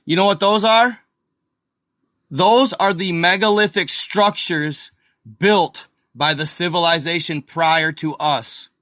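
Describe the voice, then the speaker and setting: A man hosting a casual video, excitedly talking viewers through an old map and repeating himself as he points things out. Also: high voice, slow pace, dry recording, studio quality. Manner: excited, repetitive, addresses viewers as guys and y'all. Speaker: video host. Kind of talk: casual commentary over a map.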